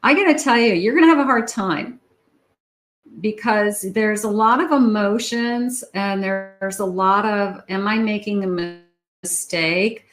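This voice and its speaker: A woman giving a tarot love reading, talking slowly and musingly to her viewers. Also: medium pitch, poor audio. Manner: slow, musing, talks to the viewer. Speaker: tarot reader.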